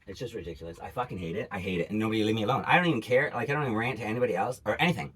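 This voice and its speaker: A man's voice: on the low side, animated, racing, fairly bright tone, slightly rough. A man from Canada ranting angrily and profanely to camera in a vlog, with many repeated asides. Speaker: vlogger.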